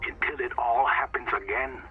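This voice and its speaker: A man's voice: medium pitch, fairly even intonation, moderate pace, narrow, tinny audio, faint music behind, close to an everyday voice. An actor playing a frightened man who has just woken in a reprinted body, speaking in a hollow, fatalistic way in a game cutscene. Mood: fearful.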